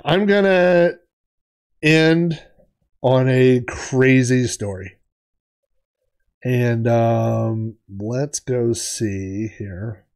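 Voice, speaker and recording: A man telling stories on a retro gaming vlog in a chatty, rambling way, wandering off on tangents as he talks. His voice sits at an average male pitch. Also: drawn-out words, pauses often, darkish tone. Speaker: retro gaming channel host. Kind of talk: casual storytelling vlog.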